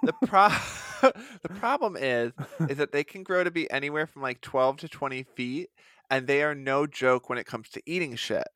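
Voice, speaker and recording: Bright-voiced joking podcast man. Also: mid-range voice, animated, moderate pace, no room sound. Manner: laughs often and slips into silly voices. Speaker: podcast co-host. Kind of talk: casual comedic chat.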